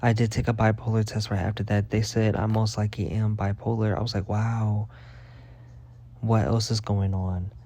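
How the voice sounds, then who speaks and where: A man's voice: on the low side, level tone, moderate pace, dark tone, no echo. A young man hosting a casual solo gossip podcast, rambling, sassy and full of swearing. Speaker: podcast host.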